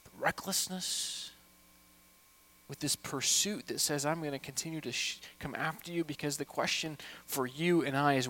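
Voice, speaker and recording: A man preaching a sermon as a pastor, with impassioned delivery that swings from hushed asides to loud, urgent appeals. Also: on the high side.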